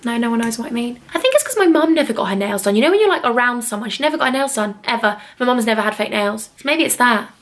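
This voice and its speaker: Bubbly high-voiced young woman vlogging. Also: expressive, fast, few pauses. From England. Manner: bubbly, rambling, self-mocking. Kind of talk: casual chatty vlog. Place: home, indoors. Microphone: handheld vlog camera.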